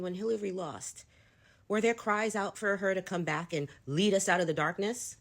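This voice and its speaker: Woman doing a firm no-nonsense reply to another video, lower voice. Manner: blunt, firm. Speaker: commentary creator. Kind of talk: response commentary.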